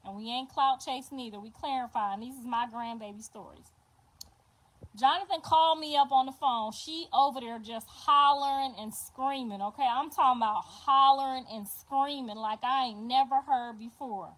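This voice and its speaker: An older woman with a high-pitched voice spins a story for her livestream viewers. She is animated and profane, repeating points for emphasis. Her talk is loose and casual. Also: normal speed. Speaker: livestream host.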